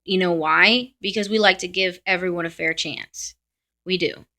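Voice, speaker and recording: Blunt, ranting woman with a bright voice. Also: lowish voice, steady tone, normal speed. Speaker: vlogger. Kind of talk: casual monologue to camera.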